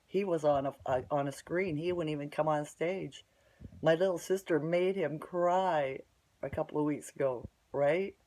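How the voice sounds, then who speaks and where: Woman, vlog monologue, warm dark tone, blunt and scornful, rambling with "right?" tags. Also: low voice, normal speed. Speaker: vlogger. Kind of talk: casual storytelling monologue.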